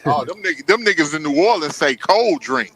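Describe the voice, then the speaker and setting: A man's voice: on the high side, expressive, a little fast, over a noisy crowd. A man co-hosting a casual podcast chat, telling stories in a loose, profane way. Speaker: podcast co-host.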